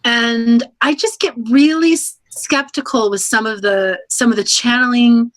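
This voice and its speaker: A woman's voice: fairly high pitch, fairly even intonation, measured pace. A woman hosting an interview, speaking in a reflective, conversational way. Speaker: host. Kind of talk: casual interview talk.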